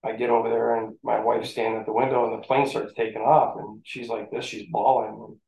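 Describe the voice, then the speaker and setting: Gravelly-voiced man telling stories. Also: fairly low pitch, a little fast. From St. Catharines, Ontario, Canada. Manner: animated storyteller who acts out the voices in his story. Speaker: former football player, interview guest. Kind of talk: casual storytelling interview. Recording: echoey room.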